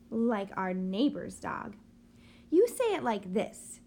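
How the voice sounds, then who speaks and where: Lively woman reading a picture book. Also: mid-range voice, takes it slowly, vocal fry, slight background noise. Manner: lively, expressive storytelling with sing-song emphasis. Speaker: reader of a children's book.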